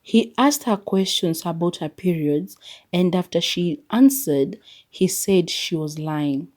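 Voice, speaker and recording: Woman doing a solo podcast, laughs a lot, mellow low-ish voice, swaps in swahili. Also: slow pace. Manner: animated, laughing, mixes Swahili into English. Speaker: podcast host. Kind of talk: casual solo podcast chat.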